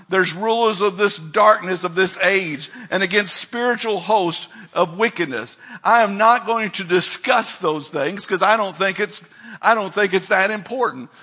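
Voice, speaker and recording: High, husky-voiced preaching man. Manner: emphatic preaching, swings from loud calls to quiet asides. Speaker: pastor. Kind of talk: sermon.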